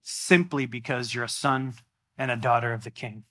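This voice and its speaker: A man preaching a sermon in a church, animated and exclamatory in a conversational way. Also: mid-range voice, moderate pace. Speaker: pastor.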